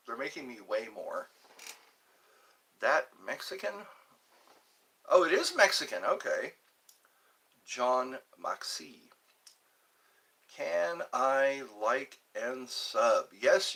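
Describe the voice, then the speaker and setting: A man's voice: mid-range voice, fairly bright tone. A man hosting his own live stream, rambling and joking between topics, greeting viewers and now and then breaking into mock cries.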